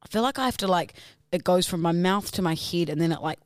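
A woman's voice: on the low side, expressive, fast talker, no room sound, studio quality. A woman co-hosting a casual podcast chat, giggly and playful. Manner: giggly, playful, tries silly accents. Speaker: podcast co-host.

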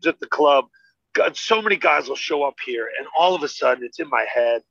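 A comedian from the United States, guesting on a podcast, telling emphatic, animated stories in casual chat. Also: male voice, a little high, brisk, creaky, no echo, dull audio.

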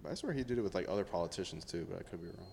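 Lively young man in a reverberant room. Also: sits low, racing, creaky, slight background noise. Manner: animated, laughs often, trails off. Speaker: podcast co-host. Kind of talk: casual chat.

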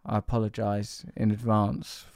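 A man's voice: lowish voice, completely flat delivery, moderate pace, vocal fry, a little mellow, dry recording, studio quality. Rambling, jokey man hosting a podcast. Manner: rambling, jokey and teasing, with many fillers. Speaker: podcast host. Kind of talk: casual podcast chat.

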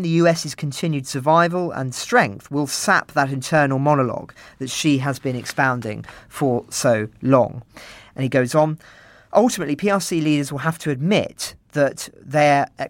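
A British man giving measured, analytical news commentary on a podcast, often quoting sources. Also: fairly high pitch, no room sound. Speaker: podcast co-presenter.

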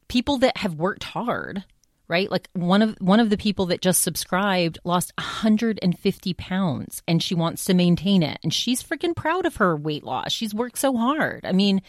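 A woman's voice: fairly low pitch, no echo, clean studio sound. A woman hosting her own podcast, talking casually in a rambling, chatty way with frequent restarts. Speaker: podcast host. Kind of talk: casual solo podcast monologue.

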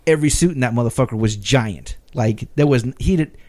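A man's voice: medium pitch, fairly quick, a little mellow. A man co-hosting a podcast, retelling a film scene by scene in rambling casual chat, laughing and acting out the lines. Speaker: podcast co-host recapping a movie.

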